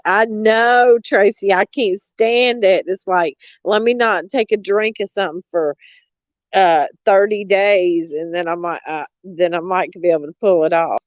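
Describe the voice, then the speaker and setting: A woman's voice: mid-range voice, unhurried, no echo, highs cut off. A woman, a vlogger gossiping in a blunt, mocking way, often laughing and cursing. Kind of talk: casual gossip chat.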